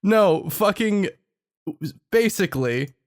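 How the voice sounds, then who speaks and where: A man's voice: sits high, lively intonation, slow. A man co-hosting a casual comedy podcast, sarcastic and exasperated, swearing a lot. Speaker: podcast co-host.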